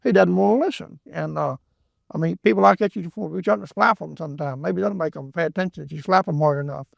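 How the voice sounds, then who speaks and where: A man's voice: fairly high pitch, gravelly, no echo, lo-fi sound. Man, folksy Bible teacher, rambling asides, dry close sound. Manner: chatty, rambling, repeats words, quick asides. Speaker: preacher.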